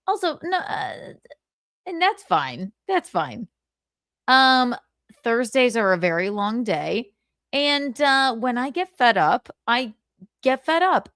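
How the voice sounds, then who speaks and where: A woman's voice: on the high side, a bit bright, dry recording, clean studio sound. A young woman hosting a casual livestream, talking candidly, swearing freely and laughing often. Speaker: livestream host.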